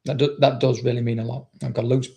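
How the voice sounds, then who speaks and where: A man's voice: medium pitch, level tone, fast, vocal fry, warm tone. A man, a dog trainer, chatting casually on a livestream and reading out viewer comments, blunt and swearing constantly as he rambles.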